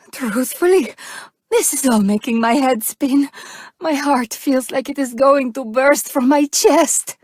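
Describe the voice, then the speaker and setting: A high-voiced, hopelessly romantic young woman from a dating game, unlucky in life and formal in her speech. She lingers over every word with slow, dramatic breathlessness. The studio sound is close and dry. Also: a little mellow, no echo.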